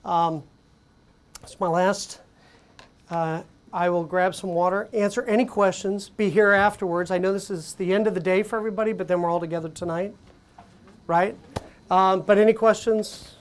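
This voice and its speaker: A woman's voice: medium pitch, moderate pace. Woman giving a conversational conference talk. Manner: conversational, animated storytelling with frequent fillers. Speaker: conference presenter. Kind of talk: conference presentation. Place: conference venue.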